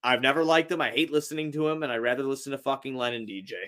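A man's voice: medium pitch, very fast, a bit bright. A man co-hosting a casual sports podcast, talking in a heated, profane, jokey way. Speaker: podcast co-host.

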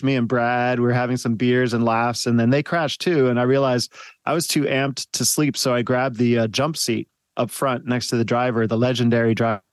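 A man hosting a podcast, telling an old tour story in a loose, conversational way. His pitch sits in the middle, and he chuckles easily. The mic is close and dry, with no room sound. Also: smooth, dry recording. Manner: laughs often while telling stories. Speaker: podcast host. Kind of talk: casual storytelling.

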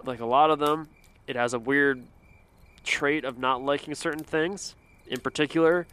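A man with a smooth, resonant voice talks through a casual folklore explainer. He rambles a little, leaning on fillers like "kind of" and "sort of". He drops self-aware asides along the way. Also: mid-range voice. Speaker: folklore video narrator.

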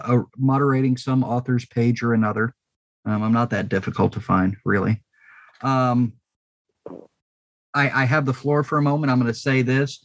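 A man chats as a guest on a podcast, earnest and unhurried, stopping on ums as he works out what to say. His voice sits at an ordinary middle pitch. The sound is dry and close, with no room around it. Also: dry recording. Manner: earnest, hesitant with many ums. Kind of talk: casual podcast chat.

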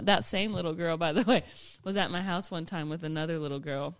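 A woman co-hosting a podcast, chatting casually, laughing often and telling lively stories. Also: lowish voice, brisk, clean tone, no echo. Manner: laughs often, animated storytelling. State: pregnant. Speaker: podcast co-host. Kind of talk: casual chat.

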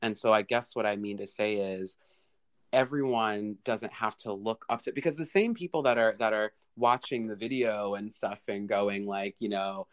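A man in a heated panel debate, talking in bursts, restarting his sentences and jumping up to high exclamations. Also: moderate pace. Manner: lively, restarts often, rising to high exclamations.

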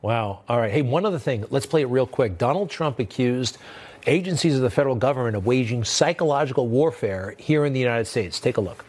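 A man's voice: mid-range voice, lively intonation, fairly quick, darkish tone, a little hiss or hum. Blunt, wisecracking male news host. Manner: blunt, wisecracking, skeptical questions. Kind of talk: conversational cable news interview.

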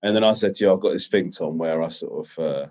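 A man's voice: low-pitched, fast talker, a little mellow. A man co-hosting a comedy podcast, dryly correcting and teasing his friend. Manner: dry, sarcastic corrections. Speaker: podcast co-host. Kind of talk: casual comedy chat.

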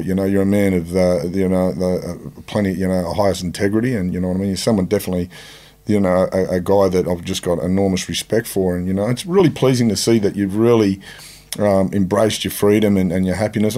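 A man's voice: low voice, mellow. A man hosting a podcast interview in casual chat, stumbling and restarting often and swearing casually. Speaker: podcast host.

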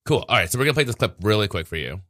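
A man's voice: lowish voice, expressive, racing, a bit bright. A man hosting a casual chat show, talking in a rambling, hesitant way with many fillers. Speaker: podcast host.

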